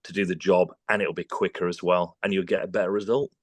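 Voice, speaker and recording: A man's voice: sits low, fast, no room sound. A man with a British accent, a voice-over artist chatting in an interview and acting out studio exchanges. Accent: British English. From England. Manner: animated, acts out studio exchanges in quoted voices. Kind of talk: casual interview chat.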